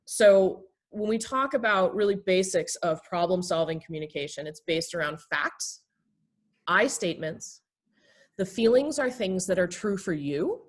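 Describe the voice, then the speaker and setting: A woman therapist and pastor teaching basic communication skills in a relaxed talk, acting out short everyday examples. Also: on the low side, measured pace. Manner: explains with acted everyday examples.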